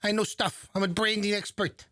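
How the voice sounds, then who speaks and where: A swaggering, cursing businessman barks in a thick put-on New York accent, as a man mocks him. The voice sits well above the speaker's own and stays loud and cocky. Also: sits high, fairly even intonation, moderate pace, no room sound, studio quality, voice pushed up. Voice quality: brash, cocky, profane.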